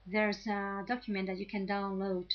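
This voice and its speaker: A woman's voice: medium pitch, little pitch movement, moderate pace. A woman teaching an English grammar lesson, explaining patiently and checking in with "okay?" after each point. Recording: slightly dull lo-fi audio.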